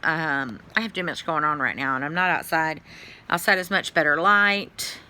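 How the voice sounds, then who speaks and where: A middle-aged woman, chatting casually to camera at home in a rambling way, with sudden high exclamations. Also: moderate pace, bright, forceful tone. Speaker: vlogger. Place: at home indoors.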